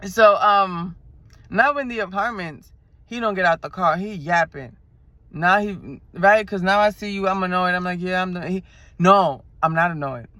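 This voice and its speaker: A woman in her twenties from New York, with a New York accent, chatting in a car and telling a story in an animated, slangy way, acting out the people she quotes. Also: on the low side, normal speed, no room sound. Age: 20s. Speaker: vlogger. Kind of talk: casual storytelling chat. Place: inside a car.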